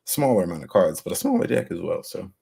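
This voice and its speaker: Man, podcast co-host, laid-back chat, gravelly, husky. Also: low-pitched, sing-song, fast, mellow. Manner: laid-back, with many fillers.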